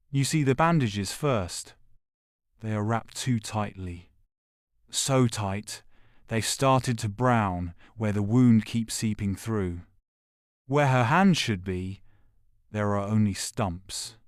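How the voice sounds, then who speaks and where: A man narrating a second-person audio drama in a grave, measured way, with short, clipped phrases. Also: fairly low pitch, darkish tone, dry recording, clean studio sound.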